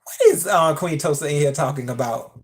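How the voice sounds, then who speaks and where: A live-stream commentator talking casually into a phone, chatting straight to the viewers and jumping up in pitch when teasing them. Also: lively intonation, fairly quick.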